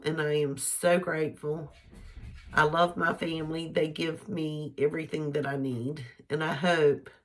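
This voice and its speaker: A middle-aged woman, chatting opinionated relationship advice to her followers in a casual vlog, laughing easily. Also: deep voice. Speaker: vlogger giving advice.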